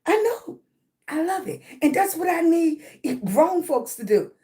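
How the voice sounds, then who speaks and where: Very high-pitched and sing-song yet dark in tone, this woman talks at a moderate pace on a live stream about self-love. The motivational talk is repetitive and full of "right?", and she clears her throat from chest congestion.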